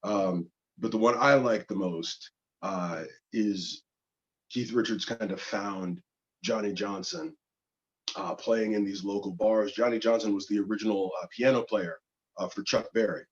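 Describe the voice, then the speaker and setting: A man, a guest guitarist on a livestream, talking casually in a relaxed, rambling way with many pauses and fillers. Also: fairly low pitch, dull audio. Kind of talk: singing with guitar, then casual spoken intro. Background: loud guitar.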